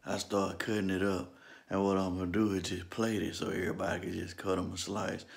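A man's voice: little pitch movement, brisk, creaky. A man filming a casual family vlog in his home kitchen, talking easily to his viewers and keeping his voice down so the house stays asleep. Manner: speaking low to keep from waking the house. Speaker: family vlogger.

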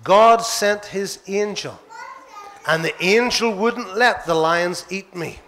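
A man voicing a calm, polite prophet who reassures the king in a children's Bible story. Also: high voice, slow pace, a little hiss or hum, exaggerated voice. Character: calm, cheerful young male prophet.

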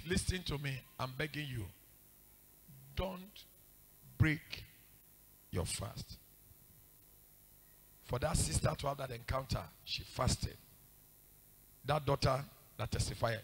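A male pastor preaching in a church service, swinging between shouted commands and hushed pleading in a sing-song cadence. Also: fairly high pitch, husky. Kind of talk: fiery prayer sermon.

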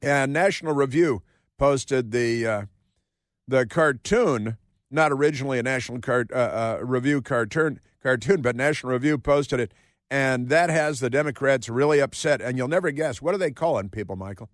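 A man's voice: medium pitch, normal speed, no room sound. A male talk radio host in a studio, delivering a sarcastic, rambling monologue full of filler words.

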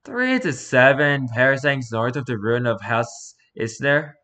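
A man's voice: medium pitch, animated, measured pace, pushed and bright. A man reading online posts aloud as a streamer, with sarcastic, mocking asides in casual commentary. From Pacific Northwest.

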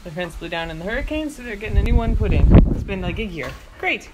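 A woman vlogging outdoors, telling a lively story and chatting to her dogs. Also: mid-range voice, quick pace, heavy background noise. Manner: animated storytelling, playful asides to her dogs. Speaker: vlogger and dog owner. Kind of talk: casual storytelling to camera and dogs. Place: outdoors by the ocean.

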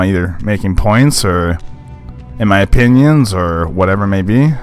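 Brief: young man, deep voice, rambling let's-play commentary, lively pitch swings. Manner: rambling, self-conscious, laughs often. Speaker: gaming YouTuber.

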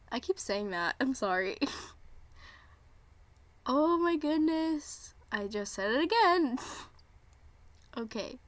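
There's no room sound around this young streamer's high-leaning voice. Waiting live for a show premiere on her reaction vlog, she's jittery and nervous, gushing with excitement and repeating herself.

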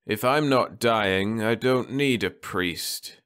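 A man's voice: on the low side, lively intonation, a little slow, a bit bright, pitched above the performer's own voice. A man voicing a stubborn dying old spaceman who talks with sardonic defiance from his bed. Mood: insistent.

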